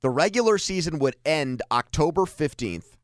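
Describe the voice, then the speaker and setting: A man's voice: on the high side, animated, moderate pace, dry recording, studio quality. A man hosting a sports radio show, chatting casually and teasing his co-host.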